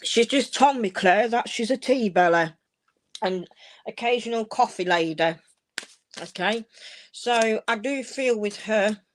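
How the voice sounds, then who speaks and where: A woman with a slightly high voice speaks at a measured pace, with a faint hiss or hum in the background. She's a medium hosting a live-streamed psychic reading session, warmly reassuring the callers and calling them "darling" and "my love."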